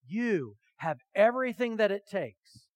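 A man's voice: high voice, lively intonation, measured pace, darkish tone, dry recording. A man preaching a sermon to a congregation, earnest and questioning, acting out little dialogues. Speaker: pastor. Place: church hall with audience.

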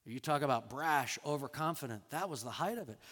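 A man preaching a sermon as a pastor, animated, acting out quoted lines with sudden loud bursts and soft drops. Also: medium pitch, a little fast, long reverb tail.

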